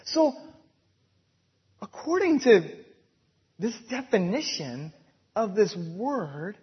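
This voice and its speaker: A man preaching a sermon and leading a prayer, slow and emphatic, swelling loud and then dropping soft. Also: high voice, very animated, husky, lo-fi sound. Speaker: pastor.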